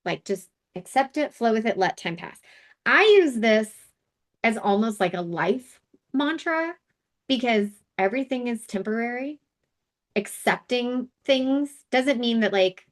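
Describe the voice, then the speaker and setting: A woman leads a casual live session on calming stress, talking to her viewers in a candid, chatty way. She breaks off into asides and fillers as she goes, and her voice sits a little on the high side. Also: moderate pace. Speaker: wellness session host.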